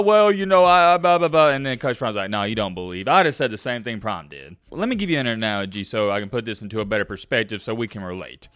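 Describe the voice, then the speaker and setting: An excitable man gives casual sports commentary straight to his viewers. His fairly high voice leaps up and down as he talks, and the sound is dry and close. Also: dry recording.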